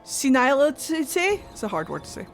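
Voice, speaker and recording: A woman streamer talking casually over a game, excitable and given to swearing. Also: sits high, a little fast, soft background music. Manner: excitable, swears and laughs a lot. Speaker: gaming streamer. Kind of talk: casual let's-play commentary.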